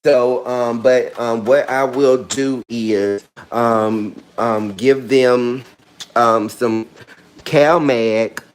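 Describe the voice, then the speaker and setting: A sassy man chats through a casual how-to vlog, full of playful, dramatic asides. His voice sits in an everyday middle pitch. He keeps an easy, conversational flow throughout. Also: fairly even intonation, extremely slow, a little hiss or hum. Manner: sassy, chatty, calls viewers girl and honey. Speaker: orchid care vlogger.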